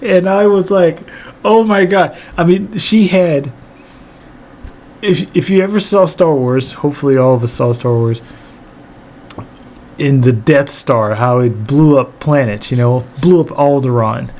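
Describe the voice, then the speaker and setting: Animated, laughing man telling a story. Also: mid-range voice, a little slow, slight background noise. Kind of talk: comedic storytelling monologue.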